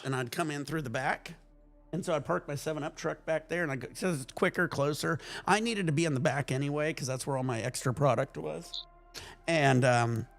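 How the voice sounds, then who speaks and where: A middle-aged man with a gravelly, fry-heavy voice that sits a little high. He chats casually on a stream, telling stories and acting out people's lines. He laughs a lot as he goes. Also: fairly bright tone. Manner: storytelling, mimics others' voices, laughs often. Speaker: streamer host. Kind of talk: casual chat.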